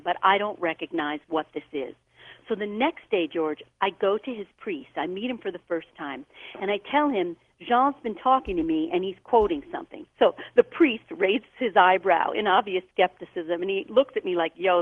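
Animated woman telling a story over the phone. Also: medium pitch, no room sound. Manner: animated storyteller, acts out quoted voices. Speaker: guest author. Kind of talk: storytelling on a call-in show. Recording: tinny phone line.

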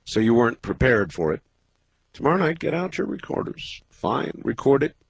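A man hosting a late-night call-in radio show, talking in a measured, halting way with many pauses. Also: mid-range voice, very animated, creaky, slightly rough, dry recording. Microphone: studio microphone.

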